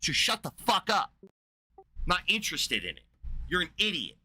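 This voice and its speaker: A man's voice: high-pitched, huge pitch swings, moderate pace, bright, forceful tone, husky. A man hosting a livestream, angrily ranting at a viewer in his chat with heavy profanity and insults. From United States. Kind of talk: angry livestream rant.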